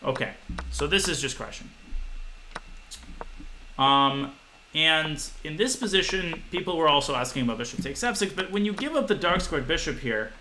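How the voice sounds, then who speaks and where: A man in his twenties giving a live-streamed chess lesson, talking fast to his viewers and thinking aloud. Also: fairly high pitch, lively intonation, bright, forceful tone, slight background noise, low-quality recording. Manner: quick, talks to chat, thinks aloud with restarts.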